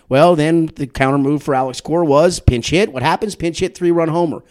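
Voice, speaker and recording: A man with an American accent hosting a casual sports podcast, an animated storyteller who repeats words when he gets going. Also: fairly high pitch, fairly quick. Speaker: podcast host.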